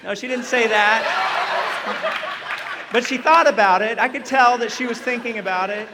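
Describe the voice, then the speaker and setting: Male chaplain, 30s, high bright voice, self-deprecating comic storyteller, sermon in a reverberant hall. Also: moderate pace, a faint crowd, slight background noise. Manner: self-deprecating, chatty storyteller who jokes with the audience. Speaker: chaplain and retreat speaker. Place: church retreat meeting hall.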